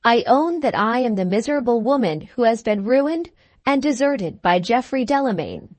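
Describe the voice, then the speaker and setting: A woman voicing a wronged young woman who speaks gently, steadily and firmly. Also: a little high, lively intonation, moderate pace, dry recording. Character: wronged young woman, calm, patient and firm.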